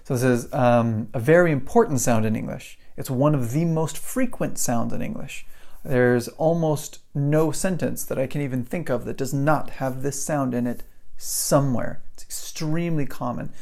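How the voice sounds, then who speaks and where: A male English teacher gives a pronunciation lesson into a microphone, indoors. His voice is mid-pitched with a gravelly, creaky edge. He talks patiently and keeps checking in with the viewer. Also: normal speed, a little mellow. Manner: explains patiently, keeps checking with "right?" and "okay?". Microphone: microphone in front of him.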